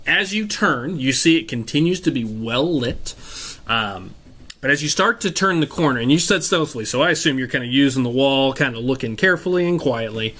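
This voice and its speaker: Male game master narrating a tabletop session, easygoing and descriptive, mid pitch. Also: fairly quick. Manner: descriptive, relaxed, many fillers.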